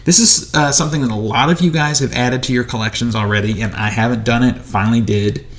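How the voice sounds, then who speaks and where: A man's voice: medium pitch, steady tone, fast. A man who collects movies, chatting casually and rambling in a haul vlog while he unboxes discs in a small home studio.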